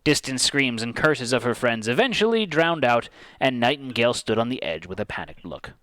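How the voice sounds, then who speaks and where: A man's voice: medium pitch, big pitch swings, normal speed, a bit bright, poor audio. A man as game master, reading a tabletop game's story aloud with dramatic storytelling.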